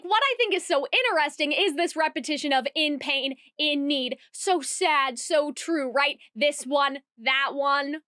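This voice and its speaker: High-voiced woman breaking down a song, chatty, analytical, dry close sound. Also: bright, forceful tone, no echo. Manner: analytical, conversational with playful asides. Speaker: video essay host. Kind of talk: music analysis video essay.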